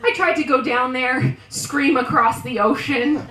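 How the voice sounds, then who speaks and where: High-voiced woman doing stand-up, distant and roomy. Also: steady tone, slow pace. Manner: exaggerated comic storytelling with loud animal imitations. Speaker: stand-up comedian and emcee. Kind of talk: live stand-up routine. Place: small live venue on stage. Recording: roomy live venue, voice from far off.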